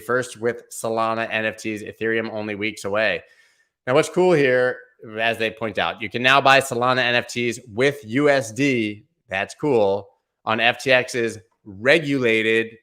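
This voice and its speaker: A man hosting a crypto news show, riffing casually with jokes and asides to his viewers. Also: lowish voice. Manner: animated, joking asides, addresses viewers as guys.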